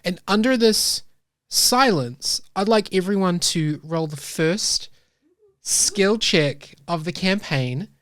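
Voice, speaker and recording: A woman narrating a tabletop game as game master, descriptive and unhurried. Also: on the low side, animated, no echo.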